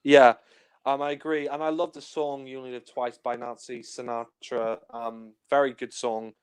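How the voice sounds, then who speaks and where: A man's voice: medium pitch, level tone, moderate pace, clear, resonant tone. A young man, reviewing films in casual chat, full of fillers and playful retellings. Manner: chatty, many fillers, acts out scenes in silly voices. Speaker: film reviewer. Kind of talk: casual film discussion.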